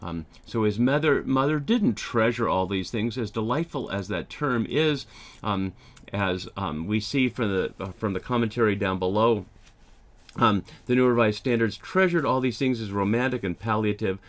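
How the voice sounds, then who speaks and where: Male Bible teacher, slightly low voice, halting lecture pace with frequent fillers. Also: animated. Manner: thoughtful, many ums and restarts. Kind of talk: lecture over slides.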